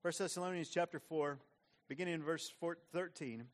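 A man's voice: on the high side, fairly even intonation, a little fast. Man preaching a conversational sermon. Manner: conversational preaching with frequent repeated words. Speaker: pastor.

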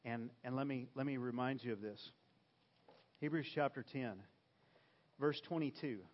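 A man's voice: medium pitch, normal speed, dull audio. A man preaching a sermon as a pastor, talking in a conversational way and checking in with listeners with "okay?".

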